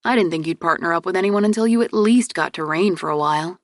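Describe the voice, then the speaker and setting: A woman's voice: fairly low pitch, quick pace, dry recording, clean studio sound, lightly acted. A woman reader voicing a teasing, amused young prince, the heroine's twin brother, in an audiobook.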